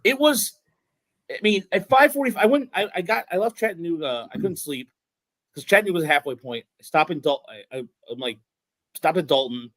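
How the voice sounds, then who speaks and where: A man's voice: sits high, brisk, dry recording, low-quality recording. A man hosting a casual sports podcast, rambling through stories with lots of restarts and fillers. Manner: rambling, many restarts and fillers, excited storytelling. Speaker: podcast host.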